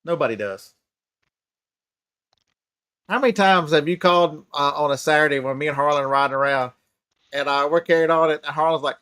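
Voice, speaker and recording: A man's voice: a little high, brisk, pauses often, fairly bright tone, clean tone, no echo, studio quality. A man with a Southern American accent, chatting casually and emphatically on a live stream, often repeating himself for emphasis.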